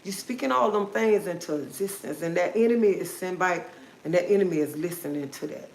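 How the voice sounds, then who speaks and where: A woman's voice: lowish voice, a little fast, a little mellow, echoey room, a little hiss or hum, rough recording. A woman hosting a livestream, giving a repetitive, preachy, encouraging motivational talk. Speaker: livestream host.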